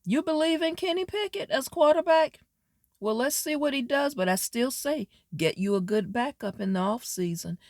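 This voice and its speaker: A woman doing a casual sports wrap-up, sassy and animated, talking straight at teams and players. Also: high-pitched, moderate pace, no echo, studio quality. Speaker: sports commentary vlogger.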